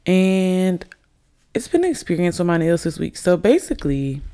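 A woman's voice: on the low side, very animated, normal speed, dark tone, slight background noise. A young woman from Alabama, slightly tipsy, hosting a casual solo podcast and rambling chattily to her listeners. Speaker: podcast host. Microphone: desk microphone on camera.

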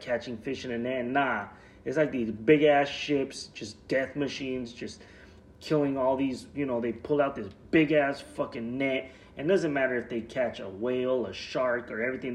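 A man's voice: mid-range voice, a little mellow. A man in his thirties chatting casually as a podcast host, loose and rambling, swearing a lot and saying "like" often. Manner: loose, profane and rambling, with many "like" fillers. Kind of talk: casual chat.

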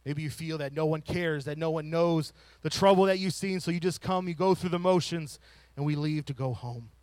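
A man preaching a sermon, rising to loud emphatic lines and falling to soft hushed ones. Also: fairly high pitch, normal speed, dry recording. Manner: drops to a whisper to show a still small voice.

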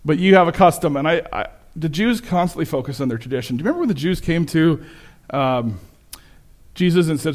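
A man preaching a sermon with slides, conversational and self-correcting, turning animated when he quotes people. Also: fairly high pitch, a little fast. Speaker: pastor.

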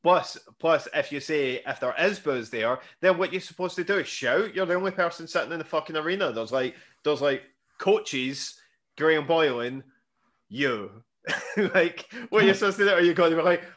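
A man's voice: fairly high pitch, normal speed. A man co-hosting a podcast in casual chat, joking and swearing as he teases his co-host. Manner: joking, swearing, animated teasing.

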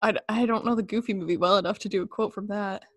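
A woman's voice: mid-range voice, fairly even intonation, quick pace. A young adult woman in casual chat, giggly and effusive.

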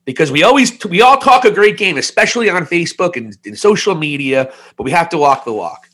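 A man's voice: fairly high pitch, lively intonation, brisk, fairly bright tone. A man in his forties co-hosting a podcast, telling a candid, rambling personal story with self-mocking jokes. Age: 40s. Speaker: podcast co-host. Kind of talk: casual podcast chat.

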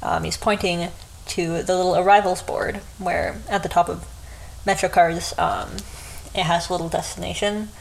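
A woman's voice: lowish voice, fairly even intonation, normal speed, creaky, slight background noise, low-quality recording. A woman retelling a story in a casual, chatty way, often breaking into giggles. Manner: giggly, chatty, frequent laughs.

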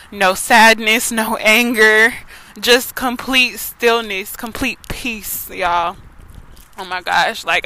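A woman's voice: medium pitch, bright, forceful tone, low-quality recording. A young woman hosting a podcast, telling a personal story in an earnest, emotional way, often saying "like" and "y'all". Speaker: podcast host.

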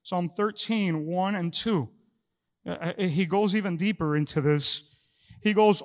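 A middle-aged man preaching a sermon as pastor, often repeating words as he talks. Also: sits high. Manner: halting with many repeated words. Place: church hall. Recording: long echo of a large hall.

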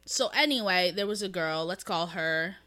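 A woman's voice: fairly low pitch, normal speed, bright, forceful tone. A young woman co-hosting a podcast, chatting casually and giggling as she tells a story and acts out the quoted lines. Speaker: podcast co-host. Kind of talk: casual chat.

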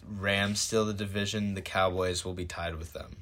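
Young dude with a low voice, cohosting a sports pod, opinionated and kinda pushy. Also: male voice, little pitch movement, moderate pace, a bit bright. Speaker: podcast co-host. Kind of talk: casual sports chat.

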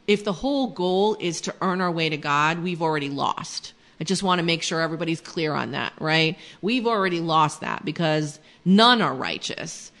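Low-voiced woman teaching on a faith podcast. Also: fairly bright tone. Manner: earnest, conversational, with many fillers. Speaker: podcast host.

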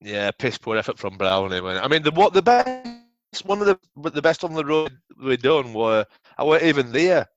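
A man's voice: medium pitch, big pitch swings, moderate pace, muffled recording, music in the background. A middle-aged man with a Yorkshire accent telling rambling, sweary football stories in a casual interview. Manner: swears freely, rambling anecdotes. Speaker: podcast guest, former footballer.

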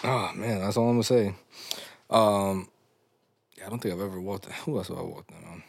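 A young man hosting a podcast, telling stories in a loose, animated way full of slang and laughs. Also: low-pitched, brisk, gravelly, no echo, studio quality. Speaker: podcast host. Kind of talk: casual podcast chat.

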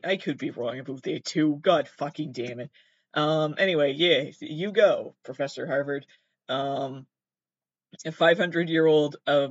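A young man from Massachusetts rambles through a casual podcast, cursing and poking fun at himself. His somewhat high voice swoops all over, recorded close and dry with a slightly dull, lo-fi tone. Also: no room sound. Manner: rambling, swearing, self-mocking with frequent laughs. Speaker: podcast host. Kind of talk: casual solo commentary.

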